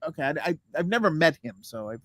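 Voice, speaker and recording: Wisecracking man with a lively voice. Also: on the high side, fast talker, dry recording. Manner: dry wisecracking asides. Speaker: podcast co-host. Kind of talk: casual chat.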